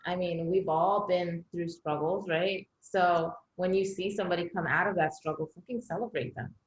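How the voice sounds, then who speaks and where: A woman's voice: on the low side, steady tone, normal speed. A woman co-hosting a podcast in casual chat, blunt and swearing freely. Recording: echoey dull-sounding room recording.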